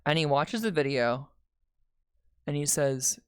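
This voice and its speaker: A woman's voice: sits low, expressive, unhurried, clean tone, no room sound, clean studio sound. A young woman streamer telling a painful family story in casual, candid talk, swearing and restarting often.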